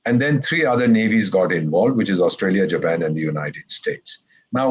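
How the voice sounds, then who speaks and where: A retired Indian ambassador speaks on a discussion panel in a husky voice on the low side, captured in a rough recording. A wry, sarcastic storyteller, he acts out quoted remarks in a lively panel talk full of jokes and quoted asides.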